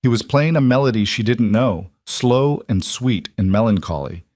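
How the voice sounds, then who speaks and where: A man giving scripted narration of a frontier story in a slow, solemn, measured way. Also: mid-range voice, lively intonation, darkish tone, no room sound, studio quality.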